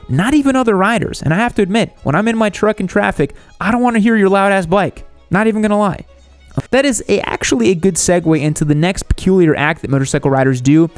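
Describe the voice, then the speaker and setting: A man hosting a motorcycle channel, narrating a scripted comedy bit in a deadpan style that jumps into animated outbursts. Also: fairly high pitch. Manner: deadpan jokey delivery with sudden animated outbursts.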